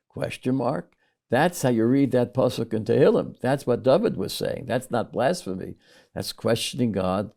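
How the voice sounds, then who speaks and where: An older man, a rabbi, teaching a Talmud lesson, reading Aramaic passages and paraphrasing them in English with lively storytelling. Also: mid-range voice, moderate pace, vocal fry.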